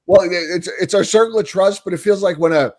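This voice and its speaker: A hoarse man with a New York accent co-hosting a casual fan podcast, telling stories in an animated way. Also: high voice, fairly quick. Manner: animated storyteller, hoarse from yelling. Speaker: podcast co-host. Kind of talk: casual hockey fan chat.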